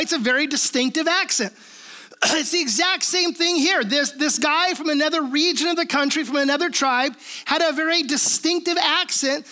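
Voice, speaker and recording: Woman, pastor, from the Pacific Northwest, casual sermon teaching, high voice, keeps checking in with listeners. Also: bright, forceful tone. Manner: casual, checks in with listeners through frequent tag questions.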